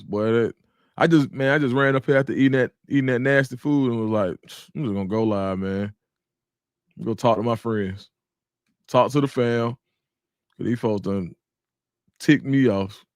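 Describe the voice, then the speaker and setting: A man's voice: medium pitch, moderate pace, long pauses, a little mellow, clean tone, no room sound, clean studio sound. A man hosting a casual livestream at home, talking loosely and straight to his viewers and greeting the chat by name. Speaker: livestream host.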